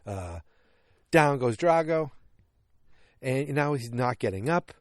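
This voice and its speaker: A man in his early forties recapping a movie in casual podcast chat, animated and rambling, with lots of restarts and sound effects. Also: medium pitch, slow, no room sound, studio quality. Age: 40s. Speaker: podcast host. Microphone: podcast microphone.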